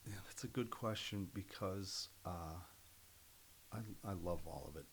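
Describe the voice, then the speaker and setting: A middle-aged man, a podcast guest, telling stories in an earnest, animated way. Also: sits low, unhurried, slight background noise, poor audio. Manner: earnest, animated storyteller who acts out other people's voices. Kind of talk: casual storytelling interview.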